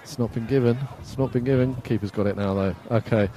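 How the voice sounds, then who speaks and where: A man's voice: medium pitch, quick pace, background noise. A man from England giving casual, self-mocking live commentary at an outdoor football match, laughing often and reading out viewer comments.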